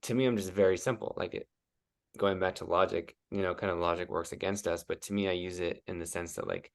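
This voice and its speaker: A man's voice: sits low, steady tone, fairly quick. A man as a guest coach in a casual interview, talking loosely and leaning on "like" as he thinks aloud. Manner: rambling, heavy use of "like".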